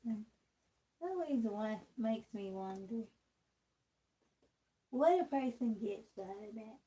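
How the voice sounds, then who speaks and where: A woman's voice: on the high side, animated, takes it slowly, dark tone, low-quality recording. A woman vlogging casually while taking out her braids, candid and rambling, with a distinctive voice that people comment on. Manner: candid, rambling, talks straight to the camera.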